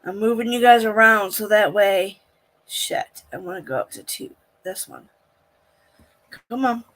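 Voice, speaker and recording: A woman streamer in a casual livestream, reacting to a court broadcast and chatting with her viewers. She takes her time with each word and speaks at a middling pitch. Her tone is blunt, profane and indignant. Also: a little slow, a bit bright. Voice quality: blunt and profane, with frequent swearing. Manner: indignant, venting to her chat. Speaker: livestream host.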